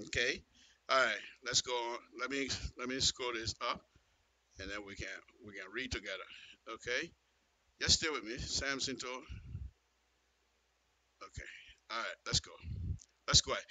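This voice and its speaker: A man's voice: fairly high pitch, expressive, moderate pace, pushed and bright, no room sound, poor audio. A man doing live radio commentary, emphatic and repeating phrases as he reads and reacts to a statement.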